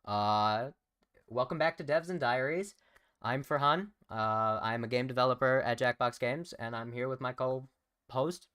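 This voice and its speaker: Young man, livestream co-host, joking and rambling, smooth clear voice, dry close mic. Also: mid-range voice, measured pace, fairly bright tone, dry recording. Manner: rambling, joking, many fillers. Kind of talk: casual livestream chat.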